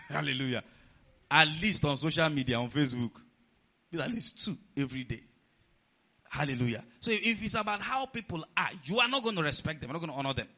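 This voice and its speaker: A man preaching a sermon as pastor of a church, animated and rising to near-shouts. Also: fairly high pitch, quick pace. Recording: dull lo-fi sound.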